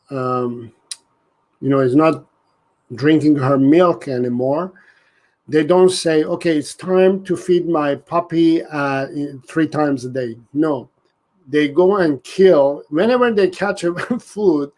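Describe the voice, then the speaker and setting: A man's voice: a little high, takes it slowly, darkish tone. A man hosting a live dog-training Q&A, talking earnestly and often restarting his sentences. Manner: earnest, repeats and restarts, reads out viewer comments. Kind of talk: casual live-stream Q&A.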